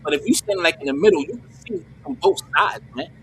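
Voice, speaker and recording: Male streamer, casual crude banter, rambling jokes, swinging pitch all over. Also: huge pitch swings, a little fast, vocal fry, fairly bright tone, slight background noise. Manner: rambling, joking, profane. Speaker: livestream host.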